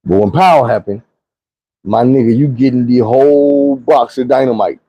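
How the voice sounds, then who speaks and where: Mellow-voiced man telling a story. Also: mid-range voice, moderate pace, no echo, low-quality recording. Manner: vivid, profane retelling with shouted quotes. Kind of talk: casual storytime monologue.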